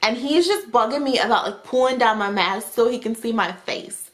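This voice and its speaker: A young adult woman vlogger telling a story in a casual, animated, chatty way. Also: a little high, normal speed. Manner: animated, chatty retelling with frequent "like".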